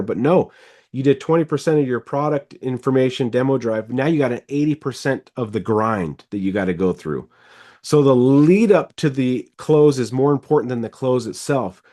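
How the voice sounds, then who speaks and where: Animated man coaching car sales. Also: mid-range voice. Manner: animated, rambling, quick bursts. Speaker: sales trainer, podcast host. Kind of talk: casual coaching chat.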